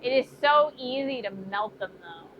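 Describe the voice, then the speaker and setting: Expressive and on the high side, this woman speaks at normal speed. She's a blacksmith forging in her workshop on a live stream, chatting casually, musing to herself, and answering viewers' comments, though the stream audio is dull, lo-fi, and faintly noisy.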